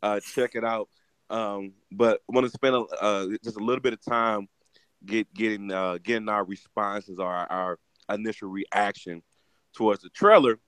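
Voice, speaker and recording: A man co-hosting a casual gaming podcast, with a lowish voice and a halting delivery full of restarts and ums. His voice sits close to the mic in a dry, dead-sounding space. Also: fairly even intonation, a bit bright, clear, resonant tone, no echo. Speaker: podcast co-host.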